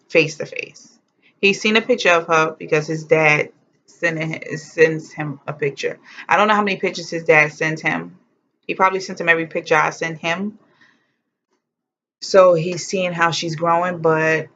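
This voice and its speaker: A woman's voice: low voice, creaky, a bit bright, a little hiss or hum. A woman vlogger telling a personal story in a candid, humorous and blunt way, swearing freely. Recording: dull lo-fi sound.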